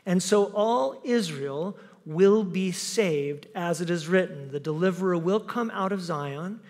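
A man with a high voice preaches in a church, and his words trail off into a long reverb. He is an animated storyteller who breaks into the voices of the people in his anecdotes. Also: unhurried. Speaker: pastor. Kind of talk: sermon with personal story. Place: church sanctuary.

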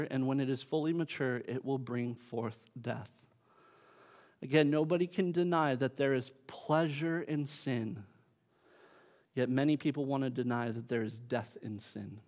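A man's voice: fairly high pitch, normal speed, a little mellow. A man preaching a sermon, emphatic, with his force rising and falling. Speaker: pastor.

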